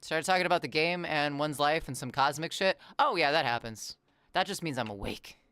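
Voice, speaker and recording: Live-stream gamer, smooth dry voice, playful rambling, quick reactions to chat. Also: medium pitch, animated, pushed and bright, dry recording. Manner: rambling, playful, drifts into musing asides. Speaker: variety streamer. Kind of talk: casual live-stream chatter while gaming.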